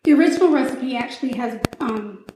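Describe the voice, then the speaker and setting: A woman's voice: a little high, expressive, a little fast, noisy background. A tipsy woman, co-hosting a podcast in casual chat, chatty and a little bossy toward her sister. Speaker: podcast co-host. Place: someone else's apartment kitchen. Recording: roomy kitchen echo.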